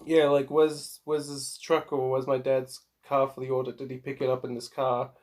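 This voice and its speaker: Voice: medium pitch, little pitch movement, normal speed, darkish tone. A podcast co-host casually walking through the plot of a horror movie, now and then quoting the characters. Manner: plot-summarizing, laid-back, quotes characters in passing. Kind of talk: casual movie recap chat.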